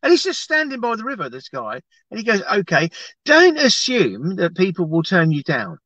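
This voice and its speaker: Lively man preaching on a livestream. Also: sits high, normal speed, no echo, lo-fi sound. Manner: animated, chatty, rambling with restarts. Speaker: evangelist. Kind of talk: livestream teaching and prayer.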